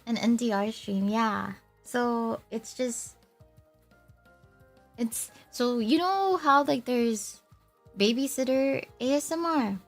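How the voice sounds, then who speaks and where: A young woman streams and chats in a high, bright-toned voice, drifting from one thought to the next and giggling at herself. She speaks at an unhurried pace. Faint music plays softly underneath her voice. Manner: giggly, rambling, self-teasing, laughs often. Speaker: VTuber streamer. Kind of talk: casual livestream chat.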